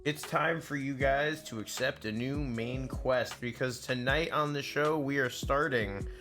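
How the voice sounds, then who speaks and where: A man hosting a game stream in casual chat. He is excitable, swears freely and laughs often. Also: medium pitch, a little slow, music in the background. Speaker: stream host.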